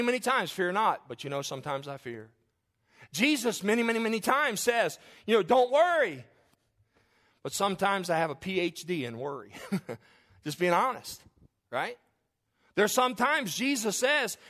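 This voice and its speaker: Animated, high-voiced male preacher. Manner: animated and conversational, with humorous asides; acts out the figures in the story. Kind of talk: sermon.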